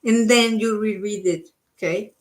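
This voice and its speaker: A woman's voice: mid-range voice, measured pace. A woman doing live-stream psychic card readings, giving coaching advice and often checking in with the listener. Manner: coaching, checks in with frequent "okay?"; switches between English and Spanish.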